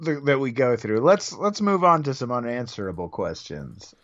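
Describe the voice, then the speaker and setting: A man co-hosting a podcast, leading the questions in a relaxed, casual way with soft laughs. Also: medium pitch, moderate pace, no echo, dull audio. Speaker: podcast co-host. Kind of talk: casual chat.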